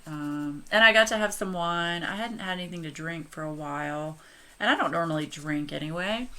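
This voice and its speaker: A woman's voice: sits low, pushed and bright, a little hiss or hum. A woman in her forties chatting casually and gushingly to her viewers while she colors. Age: 40s. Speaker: coloring channel host.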